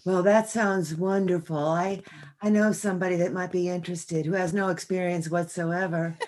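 A woman hosting a podcast interview, enthusiastic and quick to laugh. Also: on the low side, steady tone, a little mellow, a little hiss or hum. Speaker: podcast host. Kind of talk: casual interview.

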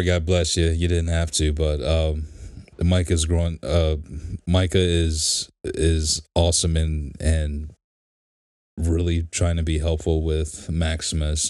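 Podcast co-host, male, very low and slow, relaxed joker, dry close sound. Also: no echo. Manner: laid-back, joking, drawn-out delivery. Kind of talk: casual chat.

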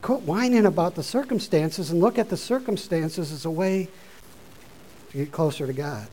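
A man preaching a sermon, informal and conversational, rising from quiet asides to loud exhortation. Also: on the high side, moderate pace, a little hiss or hum, low-quality recording.

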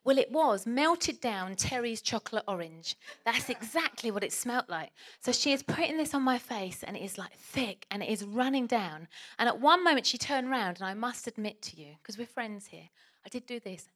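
A woman's voice: a little high, lively intonation, moderate pace, a bit bright. A woman preacher, telling a chatty, self-deprecating story in a sermon.

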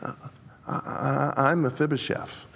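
A man voicing a frail, frightened lame man who talks in a soft, trembling stammer. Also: medium pitch, steady tone, measured pace, gravelly, voice pushed up. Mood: timid. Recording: long hall reverb.

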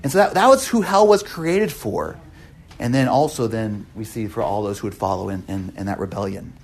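A man's voice: lowish voice, lively intonation, normal speed, slightly rough. A man leading a Bible study class, often repeating words as he works through a point and asking the group questions.

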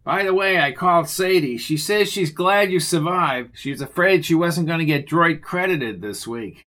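Man reading steady cautious colleague, measured, reasoning, a bit higher voice. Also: natural voice. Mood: calm reasoning.

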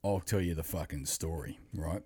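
A man hosting a podcast, telling a rambling, profane story in casual chat, a little hoarse. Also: deep voice, normal speed, dark tone, dry recording, clean studio sound. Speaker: podcast host.

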